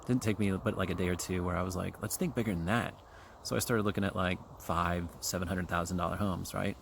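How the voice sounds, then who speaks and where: Man in his forties, very deep voice, chewing gum, casual solo podcast talk, outdoors on a trail. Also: level tone, a little fast, vocal fry. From Kansas City, USA. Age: 40s. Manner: rambling, profane, with many fillers and asides. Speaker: podcast host. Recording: faint outdoor background noise.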